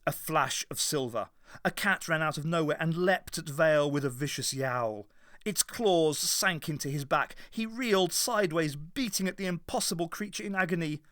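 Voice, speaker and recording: A man reads an audiobook aloud in a dramatic, measured way. His voice sits a little high for a man and is recorded close and dry, with no room sound. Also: fairly bright tone, dry recording. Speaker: audiobook reader. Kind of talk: scripted narration.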